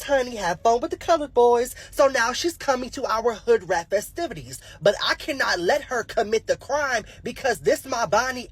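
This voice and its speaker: Animated husky young man telling a story. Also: high-pitched. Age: 20s. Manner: animated, acts out voices, laughs at own jokes. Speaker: comedian. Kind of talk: stand-up storytelling.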